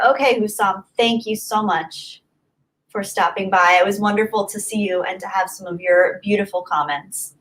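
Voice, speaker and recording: A woman's voice: medium pitch, normal speed, fairly bright tone, low-quality recording. A young woman hosting a livestream, chatting casually and rambling as she answers viewer comments, often repeating herself. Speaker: livestream host.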